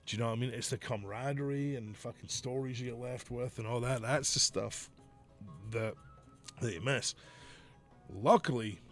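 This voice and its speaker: A man's voice: mid-range voice, normal speed, faint music behind. Profane laughing man telling stories. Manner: profane, laughing, animated storyteller. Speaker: podcast co-host, former wrestler. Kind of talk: casual podcast storytelling.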